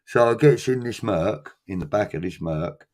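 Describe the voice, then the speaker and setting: A middle-aged man spins a story in loose, casual chat with a low voice. His pitch swings widely as he acts out each person's lines, and he swears freely along the way. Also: expressive, normal speed, darkish tone. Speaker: guest telling a story.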